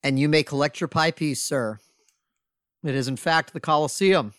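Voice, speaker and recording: A man co-hosting a casual trivia chat, relaxed and self-mocking, reading questions out slowly while drinking beer. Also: a little high, dry recording, studio quality. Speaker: podcast co-host playing trivia.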